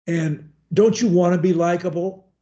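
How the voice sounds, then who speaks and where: Mellow encouraging male speech coach. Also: sits high, fairly even intonation, normal speed, dull audio. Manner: folksy, rambling, encouraging. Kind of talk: one-on-one coaching session.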